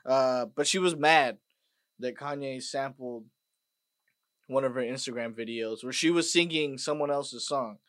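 A man hosting a podcast, ranting casually and profanely, dropping to mutters and then bursting out loud. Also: medium pitch, a little slow, dry recording, clean studio sound. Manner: profane, swings between mutters and loud outbursts. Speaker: podcast host. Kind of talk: casual rant monologue.

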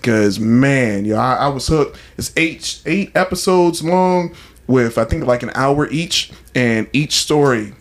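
Speaking slowly at a medium pitch, this man co-hosts a podcast and shares stories in an animated, eager way. The chat is casual, and he acts out the quotes he tells.

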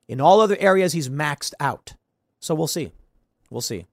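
A man hosting a podcast, giving casual political commentary with an animated, sarcastic delivery that swings between loud bursts and mumbled asides. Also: a little high, normal speed, dry recording, clean studio sound. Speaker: podcast host.

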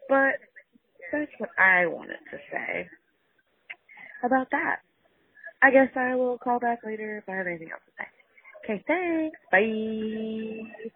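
A woman's voice: a little high, lively intonation, moderate pace, creaky, pauses often, husky, faint music behind. A woman calling from a restaurant to leave a heartfelt, grateful voicemail. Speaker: caller to a podcast hotline. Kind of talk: voicemail message. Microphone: phone. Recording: tinny phone line.

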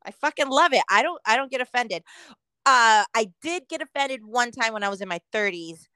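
Middle-aged woman, podcast co-host, chatty and laughing, fairly high voice, dry close sound. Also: expressive, moderate pace, bright, forceful tone, clear, resonant tone, no echo, rough recording. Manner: chatty, laughing often, quoting others in voices. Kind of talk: casual chat.

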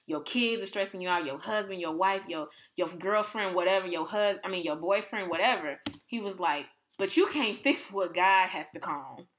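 A woman's voice: lowish voice, moderate pace, hardly any pauses. A woman co-hosting a podcast, chatting casually about faith and acting out quotes with lots of energy. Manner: animated, conversational, acts out quotes. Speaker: podcast co-host.

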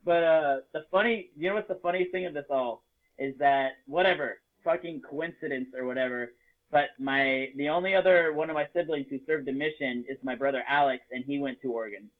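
A joking man tells a story in loose, casual talk, swearing often and getting animated along the way. His voice sits a bit high for a man. The sound comes through thin and tinny, like a phone line. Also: brisk. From Las Vegas, United States. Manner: profane, jokey and animated.

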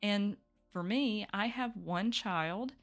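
A woman's voice: medium pitch, slow, faint music behind. A woman hosting a solo spiritual podcast, talking candidly and reflectively, with little laughs between thoughts. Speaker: podcast host.

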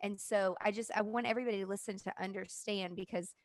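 A woman hosting a casual interview podcast, talking with excited enthusiasm. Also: mid-range voice, quick pace, dry recording. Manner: enthusiastic, gushing. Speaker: podcast host.

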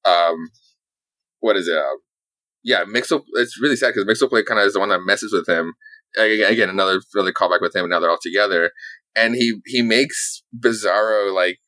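Guy recapping comics in a rambly, sweary way, kinda low voice, bright and edgy tone. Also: moderate pace, no echo, low-quality recording. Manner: rambling and animated, lots of "like" fillers and swearing. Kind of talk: casual chat recapping comic books.

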